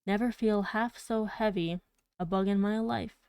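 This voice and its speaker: A woman's voice: medium pitch, fairly even intonation, a little mellow, smooth, dry recording, close to an everyday voice. A woman reading as a stubborn, insistent male servant. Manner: slow, emphatic.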